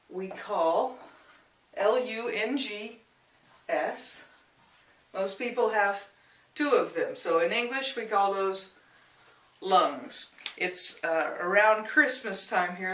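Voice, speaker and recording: Slow, patient woman teaching English. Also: mid-range voice, pushed and bright, far from the mic. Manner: slow, patient, spells and repeats words. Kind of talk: slow English lesson for learners. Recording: echoey room, a little off-mic.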